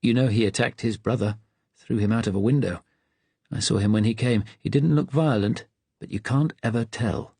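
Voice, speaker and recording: A man doing an elderly porter leaning on his window ledge, gossiping with gloomy relish about past patients, his low, husky voice falling into easy, confiding chatter. The sound is close and dry. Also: moderate pace, dark tone, no echo. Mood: gossipy. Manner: chatty, relishes grim stories.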